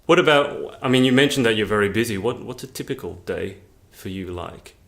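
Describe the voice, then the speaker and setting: A man hosts a relaxed interview with a fairly low voice. He is chatty and often repeats words while he works out a question. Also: fairly quick. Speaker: podcast host, interviewer. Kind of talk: casual interview chat.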